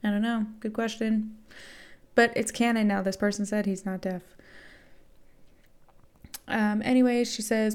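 A woman's voice: medium pitch, flat delivery, normal speed, a little mellow. A woman podcast host reading fan fiction aloud and breaking off with wry, sarcastic asides.

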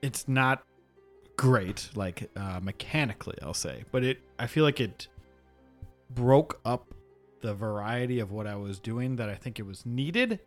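A man co-hosting a casual video game review podcast in a relaxed way, with short replies and chuckles. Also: mid-range voice, measured pace, faint music behind. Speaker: podcast co-host.

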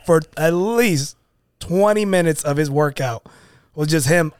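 A man's voice: a little high, unhurried, clear, resonant tone, no room sound, clean studio sound. A man co-hosting a podcast in casual chat, telling playful stories. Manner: playful, storytelling, laughing. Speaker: podcast co-host.

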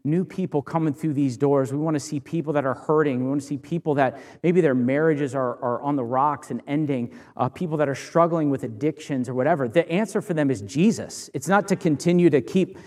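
A man preaching a relaxed, anecdotal sermon. His voice sits a bit higher than most men's, and he talks in a loose, conversational way, full of fillers and restarts as he tells stories from his youth. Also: fairly quick, few pauses. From Northern Virginia. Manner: casual, storytelling, many fillers and restarts. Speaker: pastor.

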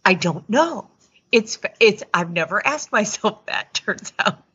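A woman's voice: medium pitch, expressive, measured pace, fairly bright tone, breathy edge, muffled recording. A woman co-hosting a podcast in a casual chat, musing playfully over odd what-ifs. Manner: musing, playful, full of hypotheticals. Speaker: podcast co-host.

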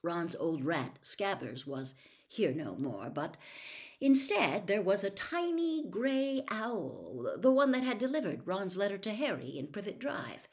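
A woman reading a novel aloud as a storyteller, with expressive, lively narration. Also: medium pitch, measured pace.

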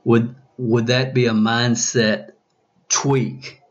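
A man's voice: medium pitch, little pitch movement, drawn-out words, muffled recording. A male coach hosting a podcast, asking his listeners question after question and often restarting his sentences. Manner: probing, repeats questions, many restarts. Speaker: business coach.

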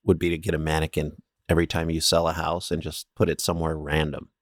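Male co-host, low pitch, wry dry humor, dry close recording. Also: monotone, quick pace, no room sound. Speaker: podcast co-host. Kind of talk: casual chat.

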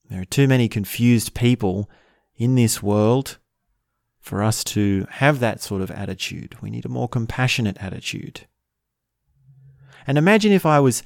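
A man giving a calm, thoughtful talk, musing aloud and asking rhetorical questions. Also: fairly low pitch, no room sound, clean studio sound. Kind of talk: reflective spoken talk.

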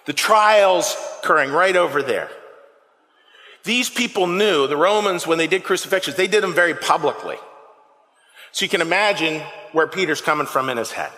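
A man with a high, bright voice gives an animated sermon and keeps asking the people in the pews questions. His voice rings out in a long reverberant church hall. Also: normal speed. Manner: animated, conversational, asks the congregation questions. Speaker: pastor. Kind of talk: lively sermon. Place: church sanctuary. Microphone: handheld microphone.

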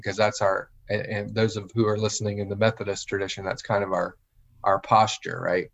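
This pastor has a lowish, gravelly voice and speaks briskly, animatedly performing the lines of people he quotes in casual conversation. The lo-fi recording is dull and carries a little hiss or hum.

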